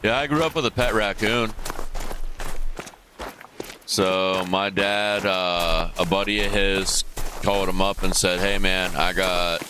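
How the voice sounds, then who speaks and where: A man with a very low voice chats casually while streaming a game, wandering through his thoughts with plenty of ums and restarts. He talks through a gaming headset mic, and a steady hiss of noise sits behind him. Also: takes it slowly, long pauses. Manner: rambling, many fillers and restarts. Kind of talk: casual live-stream chat.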